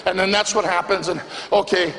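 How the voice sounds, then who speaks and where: A man's voice: sits high, a little fast, creaky, slight background noise. A man performing a stand-up comedy set, telling stories animatedly and acting out the people in them. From Greek background. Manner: animated storytelling, acts out characters. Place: comedy club stage, live audience. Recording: live venue with long reverb.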